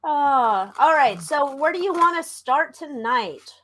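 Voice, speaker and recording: A woman's voice: high voice, expressive, measured pace, a bit bright. A woman co-hosting a live tarot stream, chatting playfully and greeting viewers in a sing-song way. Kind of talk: casual chat.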